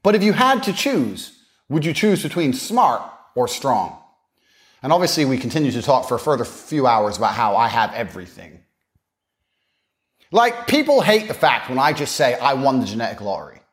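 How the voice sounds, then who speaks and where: A man's voice: medium pitch, very animated, normal speed. A man giving a boastful, mocking monologue, swaggering and profane. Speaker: podcast speaker.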